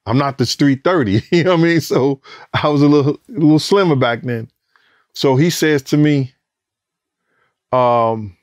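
Recounting a night during a casual interview, this middle-aged ex-bodyguard has a voice that sits slightly high for a man. He speaks at a moderate pace with frequent pauses, swearing freely and mimicking others' voices and gunshots. The lo-fi audio is close and dry, free of room echo.

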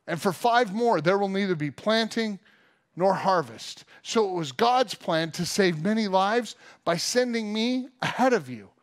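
An earnest, forgiving ruler speaks in a raised, pleading voice, tearful yet warm toward his brothers, as a pastor acts him out in a sermon. The voice sits higher than plain talk. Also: lively intonation, a little slow. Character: Joseph, adult male ruler, tearful and forgiving.

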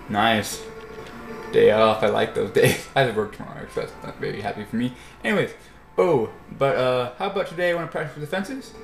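A man's voice: mid-range voice, a little fast, creaky, faint music behind. Rambling young man commentating gameplay. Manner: rambling, chatty, self-correcting. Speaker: let's play gamer. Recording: roomy echo.

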